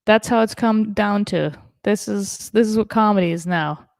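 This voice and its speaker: A woman from Germany performs a stand-up set over a video call, talking in a chatty, self-deprecating way full of fillers. Her voice has a gravelly fry at the edges. The sound is dry and close. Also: medium pitch, moderate pace, a little mellow, no room sound. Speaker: stand-up comedian.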